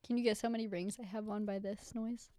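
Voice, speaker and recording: A young woman co-hosting a podcast with her mother, animated, cutting in and swearing casually. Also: medium pitch, fast talker, no echo. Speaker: podcast co-host, daughter. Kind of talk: casual chat.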